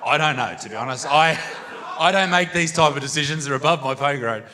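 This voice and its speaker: Brash Australian bloke doing crowd work. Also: male voice, on the high side, fairly quick. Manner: brash, crude banter with the crowd. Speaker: stand-up comedian. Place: large theatre stage. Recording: live hall reverb with audience noise.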